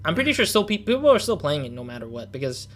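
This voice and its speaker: A man's voice: on the high side, fast talker, a little hiss or hum. Casual rambling gaming host, man. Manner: relaxed, rambling with fillers and restarts. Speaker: channel host.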